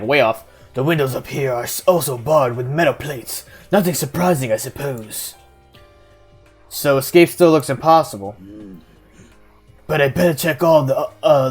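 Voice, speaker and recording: Rambling, low-voiced woman gamer. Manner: rambling, swearing, thinking aloud. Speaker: game streamer. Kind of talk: casual let's-play commentary.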